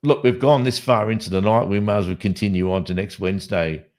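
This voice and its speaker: An Australian man hosting a casual late-night podcast, rambling and joking as he thinks out loud. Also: on the low side, fast. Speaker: podcast host.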